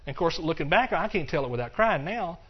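An older man preaches his own testimony in an earnest, repetitive way. His voice sits a little high, and he moves between hushed, slow stretches and passionate bursts. The recording is dull and lo-fi. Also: expressive, breathy edge. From Texas. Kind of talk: testimony sermon.

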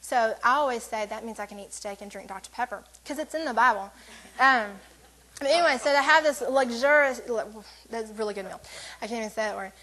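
A woman speaks to a women's church group in a relaxed, conversational devotional. Her voice sits a little high, and she keeps breaking off mid-sentence to add joking asides before returning to her point. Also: a little fast, rough recording. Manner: rambling, self-interrupting, joking asides. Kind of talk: casual church devotional talk.

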